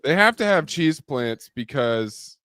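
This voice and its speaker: A man's voice: a little high, big pitch swings, takes it slowly, a loud crowd. A man hosting a podcast mailbag in casual chat with dry, wry banter. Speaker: podcast host.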